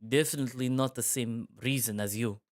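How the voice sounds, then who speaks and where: A cold, suspicious middle-aged eagle who wants strangers gone, read by a man. His lines come short and dismissive, in a plain, mid-pitched voice. It sounds like a storybook reading. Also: fairly even intonation, brisk, dry recording, clean studio sound, natural voice. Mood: curt. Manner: curt, dismissive delivery.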